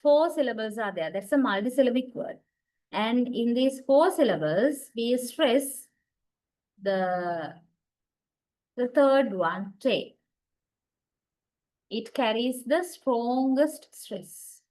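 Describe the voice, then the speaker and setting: In a recorded university lecture, a woman who is not a native English speaker explains English word stress, using lots of "uh" fillers and restarts and often checking in with "right?" and "okay". Her fairly high, expressive voice has a darkish tone, moving slowly with frequent pauses. The audio quality is poor.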